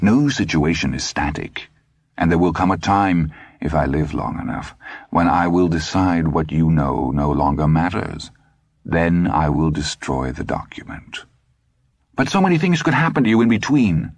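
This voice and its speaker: A man voicing a cold, menacing ex-Nazi in his eighties, speaking in a calm, measured, quietly threatening way. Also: sits low, dry recording. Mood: coldly reasoning. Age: 80s.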